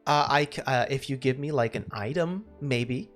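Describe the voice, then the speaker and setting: A man's voice: medium pitch, moderate pace, fairly bright tone, soft background music, close to an everyday voice. A man voicing a ditzy young Valley Girl woman, hesitant and full of "like" and "um", in a tabletop game. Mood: scattered. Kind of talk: tabletop role-play voice acting.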